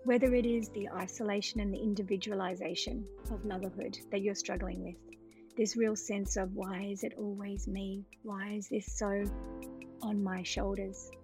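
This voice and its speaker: A middle-aged woman hosting a solo podcast, speaking gently, slowly and reflectively to her listeners. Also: mid-range voice, fairly even intonation, creaky, over music. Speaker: podcast host.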